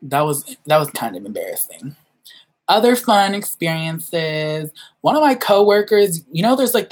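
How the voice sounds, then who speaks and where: Lively husky low-voiced young woman. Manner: animated, acts out quoted voices with big pitch jumps, laughs often. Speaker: vlogger. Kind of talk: casual storytelling chat.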